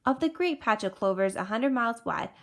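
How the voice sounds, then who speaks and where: A woman voicing a mighty, gruff male eagle with a dismissive manner, in a storybook reading. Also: a little high, lively intonation, a little fast.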